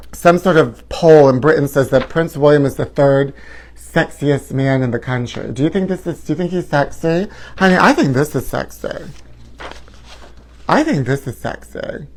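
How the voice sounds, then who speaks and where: A man in his forties hosting a live gossip talk show, flamboyant and sassy, calling his viewers honey. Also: on the high side. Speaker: host.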